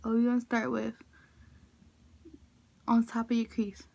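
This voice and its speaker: A woman's voice: fairly high pitch, completely flat delivery, measured pace, gravelly, warm tone, dull audio. A young woman chatting casually through a makeup tutorial, walking viewers through each step in an informal way. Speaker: beauty vlogger.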